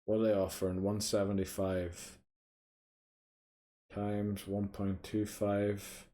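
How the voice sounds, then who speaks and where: A man's voice: fairly low pitch, monotone, slow pace, warm tone, slight background noise. A young man in casual gameplay commentary, muttering to himself, thinking aloud and swearing mildly as he plays. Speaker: gaming streamer.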